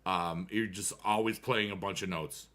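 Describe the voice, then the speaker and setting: A man's voice: sits low, steady tone, normal speed, a bit bright. A man casually chatting with his viewers during a livestream, rambling from topic to topic and humming tunes now and then. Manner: rambling and talkative, chats to viewers while gaming; musical asides, hums tunes. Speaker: livestreamer answering chat.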